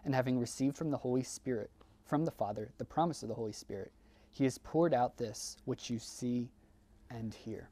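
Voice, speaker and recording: A man, a deacon, leading a church retreat discussion, reading scripture briskly and asking his co-hosts questions in a relaxed way. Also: medium pitch. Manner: relaxed, reads scripture quickly.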